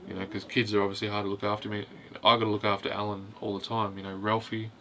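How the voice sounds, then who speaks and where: Rambling low-voiced man reviewing a film. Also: completely flat delivery, fairly bright tone. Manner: hesitant and rambling, fills every pause with "you know". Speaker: host of a film review video. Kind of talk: casual film review monologue.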